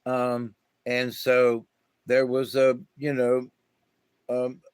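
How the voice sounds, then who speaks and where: A man's voice: mid-range voice, completely flat delivery, very slow, clean tone, dry recording. A middle-aged man giving a meandering spiritual monologue, with many fillers and restarts. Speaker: spiritual talk host. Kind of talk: rambling casual monologue.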